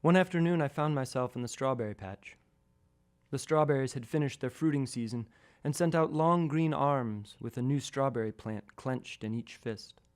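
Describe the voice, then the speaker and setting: A man calmly reading his own first-person radio essay, measured and a little wry. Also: medium pitch. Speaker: storyteller.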